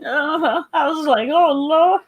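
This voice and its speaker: A woman joining a casual chat, animated and laughing often. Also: sits high, a little slow, narrow, tinny audio.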